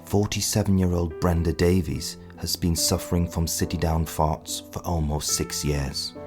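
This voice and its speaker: A very deep, grave announcer, a man putting it on reads a mock health advert in a slow, measured voice. Plucked guitar plays beneath. It is a spoof of serious ad voice-overs. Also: steady tone, natural voice. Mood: solemn. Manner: solemn, measured delivery. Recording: guitar music under the voice.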